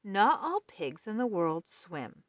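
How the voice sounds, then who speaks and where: A woman's voice: mid-range voice, very animated, takes it slowly, no room sound. A woman voicing a nervous male pig who is afraid of swimming, in a storybook reading. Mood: timid. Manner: worried, protesting.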